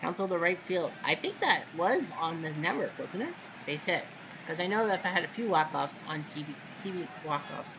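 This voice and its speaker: A man hosting casual play-by-play commentary of a simulated baseball game, relaxed and chatty, with sudden loud calls on big plays. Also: fairly high pitch, moderate pace, noisy background.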